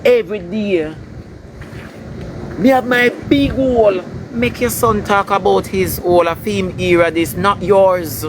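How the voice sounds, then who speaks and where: A man's voice: high-pitched, measured pace, background noise. A man with a Jamaican accent delivering a scolding, preachy rant full of emphatic repetition. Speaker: entertainer ranting online. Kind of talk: ranting commentary.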